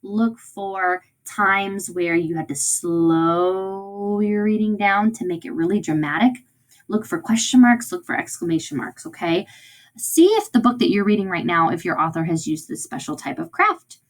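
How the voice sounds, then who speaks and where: A woman's voice: mid-range voice, big pitch swings, fairly quick. A woman teacher giving a recorded read-aloud lesson to young children in an encouraging way, often checking in with them.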